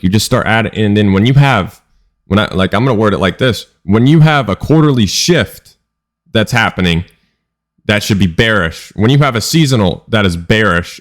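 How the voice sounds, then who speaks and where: Male trading vlogger, lowish voice, emphatic and profane, stumbles over his words. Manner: emphatic, profane, repeats himself. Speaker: trading educator. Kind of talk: casual vlog monologue.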